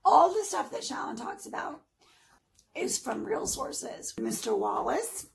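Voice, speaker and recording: A woman in her forties with a high voice that keeps dropping into a gravelly fry. She rants on her own vlog in an emphatic, sarcastic way, talking straight at her critics. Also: big pitch swings, unhurried, in a whisper, rough recording. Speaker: vlogger. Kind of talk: heated casual vlog rant.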